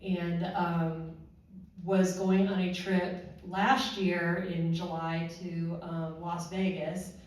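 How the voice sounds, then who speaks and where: A woman, a former first responder, shares her own story at a panel in a halting way, with many fillers and restarts. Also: lowish voice, little pitch movement, darkish tone. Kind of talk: personal testimony at a panel. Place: large echoey room at a panel event. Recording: very echoey hall from far off.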